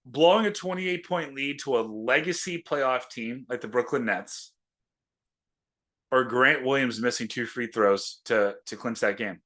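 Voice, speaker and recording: Male podcast co-host, mid pitch, sharp bright tone, teasing and prodding. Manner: teasing, quick questions. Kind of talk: casual sports chat.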